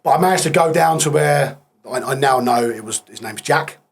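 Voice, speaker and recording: A man's voice: a little high, a little fast, creaky, a little hiss or hum. A man in his thirties, a podcast guest, recounting a war injury in plain-spoken, subdued casual talk that trails off in places.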